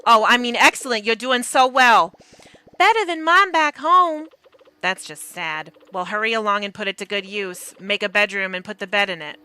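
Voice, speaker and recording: A woman's voice: medium pitch, expressive, moderate pace, bright, forceful tone, clear, resonant tone. A woman reading out the lines of a sarcastic, bossy animal innkeeper from a game, in a near-everyday voice. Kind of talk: reading game dialogue aloud.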